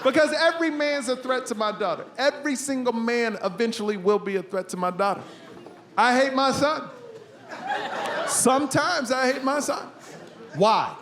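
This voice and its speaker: A man in his forties performing a stand-up comedy set, telling stories with loud, animated punchlines. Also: extremely high pitch, moderate pace. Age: 40s. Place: stage before a live audience. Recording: live stand-up recording with audience noise.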